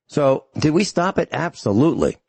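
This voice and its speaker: A man's voice: a little high, very animated, moderate pace, creaky, darkish tone, breathy edge, no echo. A man hosting a talk radio show, ranting angrily and emphatically to his listeners.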